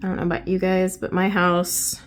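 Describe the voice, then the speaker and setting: A woman's voice: on the low side, monotone, moderate pace, a little hiss or hum. A woman in her thirties, a craft YouTuber, chatting casually and rambling with many fillers while she paints, just over bronchitis. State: recovering from bronchitis.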